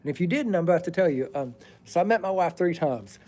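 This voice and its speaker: A middle-aged man with a fairly high voice spins a rambling, casual story outdoors by a fire. He drifts off track to say hello to viewers and then picks the thread back up. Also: animated, fast talker, warm tone. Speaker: plumber telling stories on a live stream.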